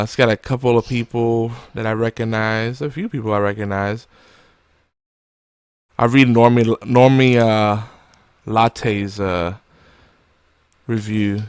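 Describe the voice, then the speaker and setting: A man's voice: on the low side, clean tone, no room sound. A man hosting a casual podcast, rambling and joking with many fillers. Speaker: podcast host.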